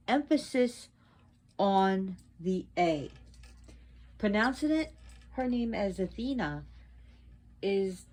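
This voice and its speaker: A woman presenting a casual educational video at home, talking slowly and deliberately and repeating words for emphasis. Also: mid-range voice, darkish tone. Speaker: video presenter on mythology and witchcraft. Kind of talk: casual educational talk to viewers.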